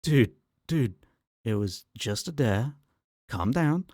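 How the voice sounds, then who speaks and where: A man voicing a panicky young man at a party, frantic and excited, in an ASMR story reading. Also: low-pitched, measured pace, no echo, studio quality.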